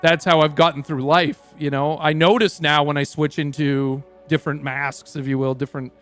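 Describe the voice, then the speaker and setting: Young canadian guy on stream, canadian accent, high voice, cussing and rambling, faint music behind. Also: steady tone, moderate pace, a bit bright. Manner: profane, rambling storyteller. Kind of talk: casual stream chat.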